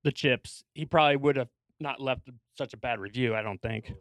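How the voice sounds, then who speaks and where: A man's voice: mid-range voice, a little fast, a bit bright. A man co-hosting a casual podcast chat, talking in a chatty, rambling way with fillers. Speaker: podcast co-host.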